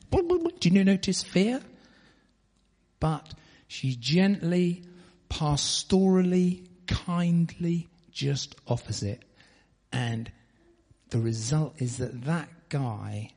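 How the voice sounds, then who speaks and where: Slow, husky-voiced man preaching in a hall. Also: mid-range voice. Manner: relaxed, chatty, drawn-out pauses. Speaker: pastor leading the meeting. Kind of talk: informal preaching. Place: church hall.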